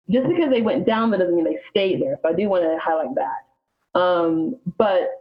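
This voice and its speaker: A woman from Alabama, a guest on a podcast, explaining history in a chatty, informal way. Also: fairly low pitch. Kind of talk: casual podcast chat. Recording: slightly dull lo-fi sound.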